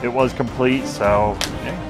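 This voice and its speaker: A man's voice: mid-range voice, measured pace, music in the background. Easygoing man chatting about finds. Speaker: co-host. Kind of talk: casual chat about thrift finds.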